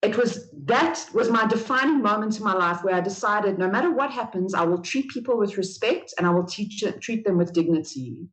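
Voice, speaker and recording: A woman guest tells a personal story in a candid, self-deprecating way. Her pitch sits in a mid range for a woman. She talks in quick anecdotal bursts. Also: expressive, reverberant, rough recording. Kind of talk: conversational storytelling.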